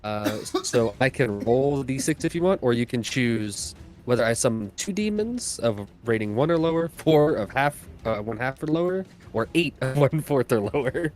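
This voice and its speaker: A man plays a tabletop game with a mid-pitched voice, talking casually and hesitantly. He swears a lot as he works through the rules. Faint music plays behind him. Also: lively intonation, moderate pace, darkish tone. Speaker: player.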